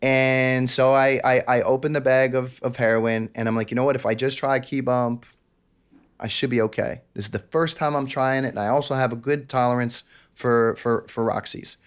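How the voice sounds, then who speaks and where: A man, speaking as a guest on an interview podcast. He tells a personal story in a candid, intense, confessional way. He slips into the quoted voices of the people in the story, in a voice of middle pitch. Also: flat delivery, moderate pace, clean tone.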